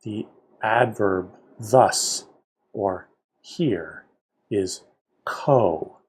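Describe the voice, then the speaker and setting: A man teaching a vocabulary lesson, pronouncing each word slowly and carefully and explaining how it works. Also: fairly low pitch, breathy edge. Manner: slow, careful pronunciation with explanations. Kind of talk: vocabulary lesson read aloud.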